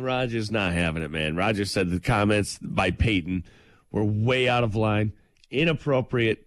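A man's voice: mid-range voice, no room sound. A man co-hosting a morning radio show, joking around in casual banter and reading sports news. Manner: loose, joking, playful. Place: radio studio.

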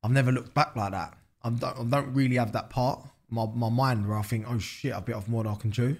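A man with a London accent chats loosely as an interview guest. His voice sits at an ordinary middle pitch, and his talk is packed with slang, fillers and swearing. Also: steady tone, fairly quick. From England. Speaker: guest, business founder. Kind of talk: casual interview chat.

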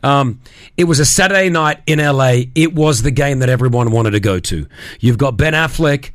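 A man co-hosting a radio show, telling a story in a jokey, emphatic, animated way. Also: mid-range voice, moderate pace, no room sound, clean studio sound. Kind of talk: casual radio banter.

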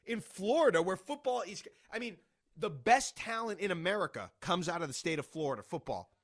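A man from Boston hosting a sports radio show, rambling through his points in quick asides and restarts. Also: high voice, animated, fairly bright tone.

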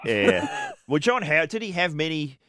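A man, joking around as a guest on talk radio, wry and quick to laugh. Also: a little high, huge pitch swings, fairly bright tone. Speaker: guest comedian. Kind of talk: casual radio banter.

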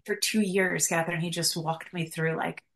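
A woman's voice: lowish voice, steady tone, normal speed, slight background noise. A woman counselor telling her personal testimony in an interview, earnest and emotional, with many fillers. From United States. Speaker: counselor, guest.

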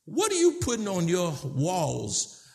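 A man preaching a sermon, moving from low, measured points to shouted, emphatic questions, with casual phrasing like "y'all". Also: huge pitch swings, creaky. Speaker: pastor.

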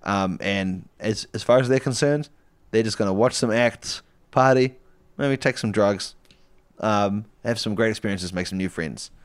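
A man's voice: fairly low pitch, measured pace, no room sound. Playful man narrating an improvised comedy plot. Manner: rambling, laughing, playful narration.

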